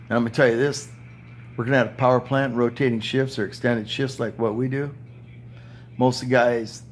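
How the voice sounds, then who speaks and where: A man's voice: on the low side, slight background noise. Profane, ranting older man in his seventies. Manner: blunt, profane, ranting, with heavy swearing. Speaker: retired power plant worker and former union steward. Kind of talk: angry monologue vlog. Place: indoor room at home with TV and fan.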